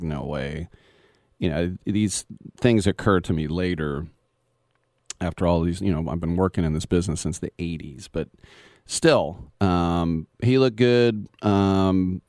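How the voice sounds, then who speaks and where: A man in his fifties hosts sports radio, rambling through anecdotes and chuckling as he quotes the people he met. His voice sits very low. The sound is dry and close, with no room around it. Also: darkish tone, no room sound. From Bay Area. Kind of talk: casual storytelling monologue.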